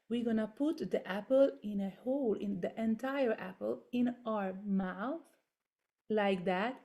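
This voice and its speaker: A woman with a fairly high voice leads voice and body exercises in unhurried, gentle steps, showing each one first. Her English has non-native phrasing, and she comes through a video call. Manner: gentle step-by-step coaching with demonstrations. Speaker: voice workshop leader.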